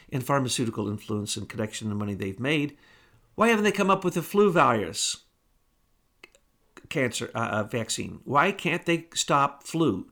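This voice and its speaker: A man's voice: medium pitch, a bit bright. A man hosting a talk show, delivering an emphatic, indignant monologue full of rhetorical questions.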